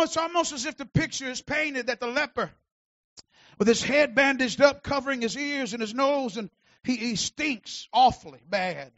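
A man preaching a sermon as pastor, shouting out his lines with rising fervor and dropping low between peaks. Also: muffled recording.

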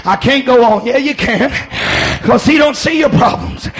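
A man preaching a shouted sermon in church, whooping and calling on the congregation to respond. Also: very high voice, steady tone, brisk, highs cut off. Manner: hollers and whoops, calls for response. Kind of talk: shouted Pentecostal-style sermon with storytelling.

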